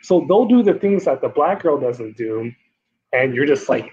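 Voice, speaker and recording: A man's voice: medium pitch, animated, moderate pace, a little mellow, a little hiss or hum. Matter-of-fact man on a dull line. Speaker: guest. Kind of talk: casual podcast chat.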